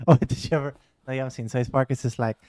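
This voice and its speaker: A man's voice: mid-range voice, steady tone, racing, dark tone, dry recording. A man chatting casually while playing a horror game with a friend, joking, laughing and riffing on TV shows. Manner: jokey, laughing, quotes TV shows in funny voices. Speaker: let's play co-host. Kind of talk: casual gaming chat.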